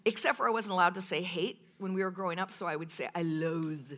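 A woman in her fifties speaking at a women's meeting, telling a personal testimony in an animated way that acts out her past outbursts and laughs often. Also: on the low side, fast talker.

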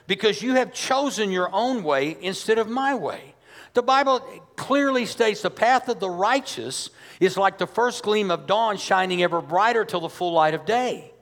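A man's voice: high-pitched, animated, normal speed, fairly bright tone. A man, a pastor, preaching a sermon in a church, emphatic and conversational, asking his congregation rhetorical questions. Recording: long hall reverb.

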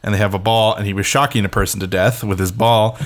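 A man's voice: on the low side, steady tone, fast. A man hosting a podcast, chatting casually in a rambling way with lots of fillers. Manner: chatty and rambling, with frequent fillers and self-interruptions. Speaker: podcast host. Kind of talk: casual chat.

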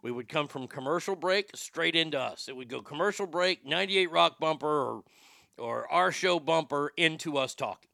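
A man's voice: fairly high pitch, normal speed, creaky, pushed and bright, dry recording, clean studio sound. A man hosting a talk show, ranting profanely as he tells fired-up stories. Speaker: radio show host.

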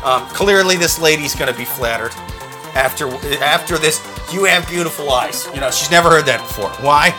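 A man's voice: fairly high pitch, brisk, over music. Profane, ranting male podcast co-host. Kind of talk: casual comedic banter.

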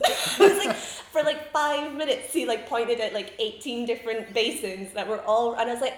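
A woman in her twenties chatting casually in an interview, rambling and giggling through animated stories. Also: on the high side, brisk, hardly any pauses, reverberant. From Scotland. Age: 20s. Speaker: comedian guest.

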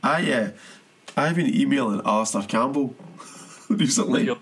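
A man's voice: medium pitch, animated, measured pace, husky. A man chatting casually about football as a podcast co-host, rambling with many restarts and laughs.

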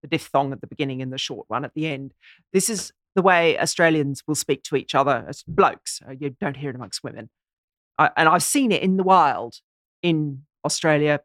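A lower-pitched woman holds forth in a podcast discussion, explaining words and usage in a lecturing way. Her voice is recorded dry and close, with no room around it. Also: brisk, a bit bright, no room sound. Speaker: podcast guest. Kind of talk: casual discussion.

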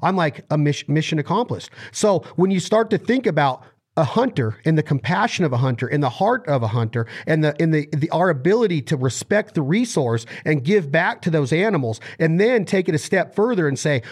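A man in his thirties from the United States, telling stories and ranting passionately in a casual conversation. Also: a little high. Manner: impassioned, ranting, storytelling. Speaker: podcast guest.

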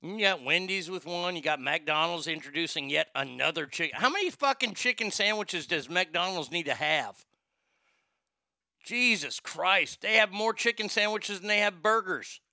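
A Texan man ranting casually about fast food, swearing a lot and stumbling over restarts. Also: high voice, expressive, creaky, pushed and bright, no echo, clean studio sound. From Texas. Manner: profane, rambling, stammering restarts. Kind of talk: casual rant.

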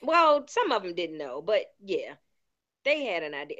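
A woman with a Baltimore accent, chatting animatedly and incredulously as a podcast co-host. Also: fairly low pitch. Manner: animated, incredulous, quick asides. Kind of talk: casual chat. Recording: slightly muffled lo-fi audio.

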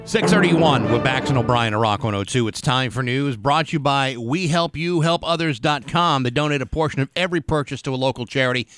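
A man's voice: medium pitch, brisk, hardly any pauses, a bit bright, faint music behind. A man co-hosting a morning radio show, reading station lines and making wry joking asides. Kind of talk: casual radio banter. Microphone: studio microphone.

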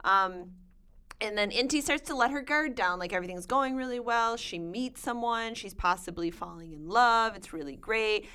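A woman's voice: mid-range voice, normal speed, sharp tone, smooth. A woman co-hosting a casual chat, enthusiastically recommending books. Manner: enthusiastic, gushing. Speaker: podcast co-host.

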